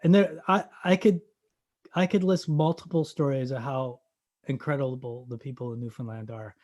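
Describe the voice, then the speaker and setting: A man, an actor guest on a podcast, telling a story in a lively, animated way. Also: mid-range voice, normal speed. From Canada. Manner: animated, loud acted-out storytelling.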